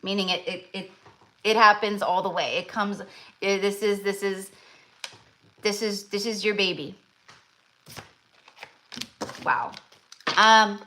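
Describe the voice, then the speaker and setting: A woman's voice: medium pitch, fairly even intonation, normal speed, pauses often, bright, forceful tone. A young woman giving a live-stream tarot reading, talking in a gushing, effusive way with many fillers and restarts. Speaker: tarot reader.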